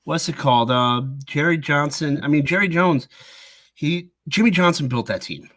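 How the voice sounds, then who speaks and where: A man's voice: on the high side, moderate pace, fairly bright tone, dry recording. A man co-hosting a sports podcast, giving blunt opinions in a casual chat. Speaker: podcast co-host.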